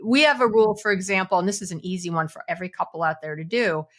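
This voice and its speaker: A woman psychologist, a guest on a podcast, giving relationship advice in an animated way, acting out little quoted lines and laughing often. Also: lowish voice, fast talker.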